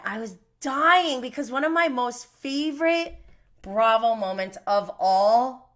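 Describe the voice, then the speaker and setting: A woman hosting a casual solo recap podcast, chatty and animated, laughing often and trailing off mid-thought. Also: medium pitch. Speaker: podcast host.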